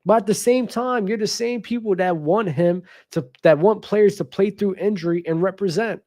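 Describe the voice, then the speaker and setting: A man's voice: high voice, lively intonation, normal speed, hardly any pauses, darkish tone. A man hosting a casual basketball commentary show, talking passionately and addressing viewers directly with slang. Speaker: sports commentary host.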